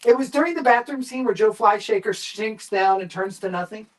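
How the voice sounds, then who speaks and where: Animated, profane man telling stories. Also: sits high, fairly quick, recorded from a distance, low-quality recording. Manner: animated, profane, rambling anecdotes. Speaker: guest, makeup effects artist and director. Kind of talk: live chat storytelling.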